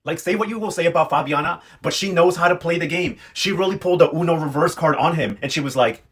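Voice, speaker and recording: A man's voice: fairly high pitch, fast, a bit bright, breathy edge. A man giving a sassy, slangy, casual recap of a soap opera, talking straight to his viewers. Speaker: telenovela recap vlogger.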